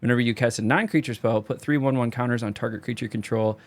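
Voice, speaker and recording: A young man rambling casually through card reviews, his voice going hoarse and straining on high notes. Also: fast. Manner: loose, rambling, sings a repeated catchphrase. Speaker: card game video creator.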